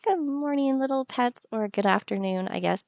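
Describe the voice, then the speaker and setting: A woman's voice: fairly high pitch, moderate pace, darkish tone, no echo, dull audio. A woman hosting a let's-play of a farming game, chatting playfully and laughing often. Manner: playful, giggly, talks to the game. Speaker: gaming channel host. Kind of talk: casual let's-play commentary.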